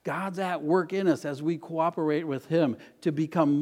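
A middle-aged male pastor delivers a sermon in an earnest, encouraging way. His voice sits a little high for a man. He repeats his key phrases and calls on the congregation to say them back. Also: steady tone, normal speed, few pauses, a little mellow.

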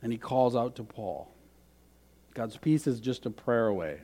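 A man preaching a sermon in an earnest way, repeating phrases and swinging between loud emphasis and hushed, quiet lines. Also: mid-range voice, expressive, unhurried. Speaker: pastor.

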